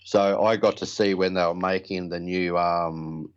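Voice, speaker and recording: A man's voice: deep voice, steady tone, a little slow, clear, resonant tone, muffled recording. A middle-aged man telling rambling, blokey stories as an interview guest, swearing casually. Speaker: prop builder guest.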